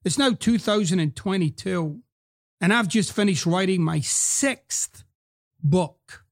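A gravelly-voiced middle-aged man with a hybrid Scottish-American accent hosts his own podcast. He delivers a motivational monologue in a blunt, profane, emphatic way. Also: high voice, takes it slowly. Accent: Scottish mixed with American. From Scotland. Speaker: podcast host.

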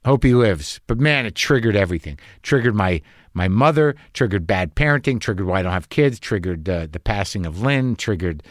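A man's voice: on the low side, animated, brisk, no echo. Anxious, rambling man with a dry sound. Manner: anxious, rambling, self-deprecating storytelling; frequent restarts and swearing. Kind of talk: casual monologue.

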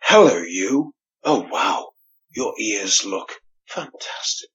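A man's voice: on the low side, sing-song, takes it slowly, fairly bright tone, slightly rough, full character voice, rough recording. A man in a voicemail putting on an exaggerated fake accent, theatrical and over the top. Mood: hammy. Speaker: caller.

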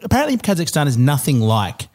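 A man's voice: on the high side, fast. A man co-hosting a comedy podcast, trading wry quips. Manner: wry quips, lively delivery. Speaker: podcast co-host. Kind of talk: casual comedy chat.

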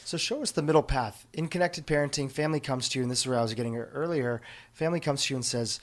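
A man hosting an interview, asking his guest a question in a calm, measured way. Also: medium pitch. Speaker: interview host.

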